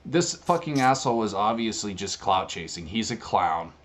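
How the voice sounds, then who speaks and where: A man's voice: lowish voice, very animated, moderate pace. A brash man ranting casually in his video, swearing and laughing as he talks. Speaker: online streamer.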